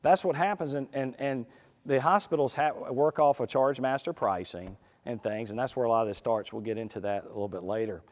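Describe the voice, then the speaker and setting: A man giving a lively, folksy talk to a live conference audience, with many quick asides. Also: mid-range voice. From United States. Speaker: conference speaker. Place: conference hall. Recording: reverberant hall.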